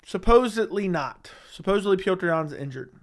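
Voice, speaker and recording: A man's voice: high-pitched, animated, moderate pace. A man hosting a casual MMA livestream from a home setup, reading viewer comments and answering them in a defensive, argumentative way that repeats its points. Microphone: studio dynamic mic.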